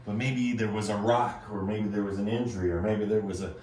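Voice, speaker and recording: A man teaching a yoga class, calmly cueing breaths and movements with casual asides. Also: lowish voice, brisk, recorded from a distance, slight background noise. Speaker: yoga instructor. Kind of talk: guided yoga class instruction. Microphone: earbuds. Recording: very echoey room, voice off-mic.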